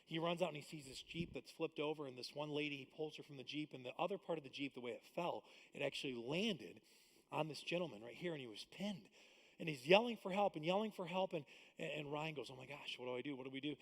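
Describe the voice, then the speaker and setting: A male pastor with a high, bright voice preaches in a large church auditorium, his words ringing out with a long hall reverb. He talks conversationally, tossing in quick jokes, then swings from loud, emphatic lines to hushed, intimate asides. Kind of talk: sermon.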